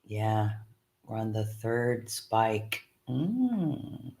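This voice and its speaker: A woman's voice: very deep voice, big pitch swings, extremely slow, vocal fry, dark tone. A woman co-hosting a live stream in casual chat, chatty and giggly, often repeating herself. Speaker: co-host.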